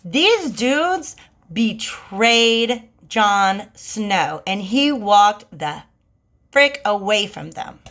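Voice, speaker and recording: A woman giving a casual tarot reading in a chatty, slangy, animated way. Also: medium pitch, extremely slow. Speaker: tarot reader.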